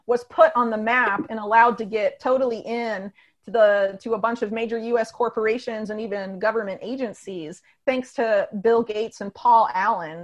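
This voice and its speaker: A woman talking in a casual podcast conversation, rambling and full of fillers as she tells a long story. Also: mid-range voice.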